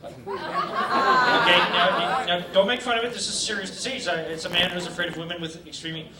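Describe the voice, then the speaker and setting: High-voiced male comic, crude crowd work. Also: steady tone, a little fast, distant mic, heavy background noise. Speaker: stand-up comedian. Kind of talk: stand-up set. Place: comedy club stage. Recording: roomy club taped from afar, loud crowd.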